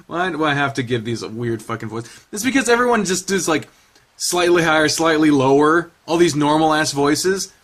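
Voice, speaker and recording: Young man, let's player, profane, self-deprecating, joking, high-ish voice, lively pitch. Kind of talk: reading a visual novel aloud with commentary.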